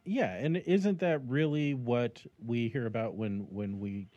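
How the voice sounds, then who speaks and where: A man's voice: medium pitch, unhurried, no room sound. A man co-hosting a casual theology talk show, reflective and agreeing. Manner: reflective, agreeing, lively intonation. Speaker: podcast co-host. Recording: dull lo-fi sound.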